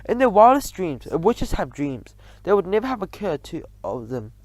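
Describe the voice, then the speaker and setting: Lively male storybook reader. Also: high-pitched, normal speed, dry recording. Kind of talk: storybook reading aloud.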